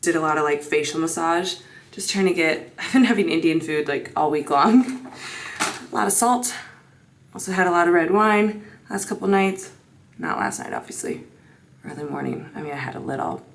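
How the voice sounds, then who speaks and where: A woman in her thirties chatting casually to a handheld camera at home, upbeat and at times hushed. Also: low-pitched, expressive, normal speed, gravelly. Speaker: vlogger and sports broadcaster. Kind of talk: casual vlog chat to camera. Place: home, getting ready in the morning.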